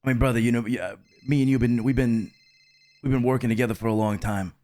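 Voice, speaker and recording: A man in an online roleplay calmly asking his longtime partner what happened. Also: medium pitch, fast talker.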